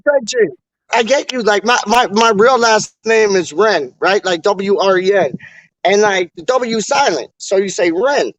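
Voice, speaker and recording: A man's voice: sits high, animated, measured pace, fairly bright tone, far from the mic, rough recording. A man, chatting casually in a laid-back, stammering, slangy way. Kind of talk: casual chat. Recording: off-mic, dry sound.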